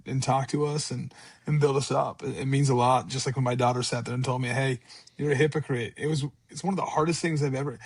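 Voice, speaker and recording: A man's voice: medium pitch, slightly rough, no echo. A man in his forties, a podcast guest, telling his story in an earnest, conversational way, repeating words and quoting himself aloud. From California.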